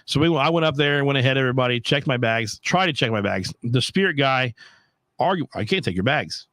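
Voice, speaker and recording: A young man, the host, telling a travel story in an animated, profane rant. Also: mid-range voice, brisk, no echo. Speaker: podcast host. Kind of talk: casual storytelling.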